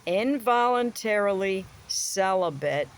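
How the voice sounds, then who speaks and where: A woman talks straight to her audience in an unscripted opinion rant. She is blunt and crude and makes no effort to soften her views. Sarcasm runs all through her delivery. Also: mid-range voice, expressive, slow, a little hiss or hum. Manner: sarcastic, swings into mocking voices. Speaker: vlogger. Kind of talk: casual opinion rant to camera.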